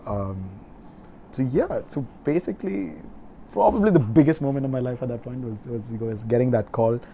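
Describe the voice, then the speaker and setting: A man, a podcast guest telling an animated story, laughing often and swearing casually. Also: medium pitch, moderate pace, creaky, slight background noise.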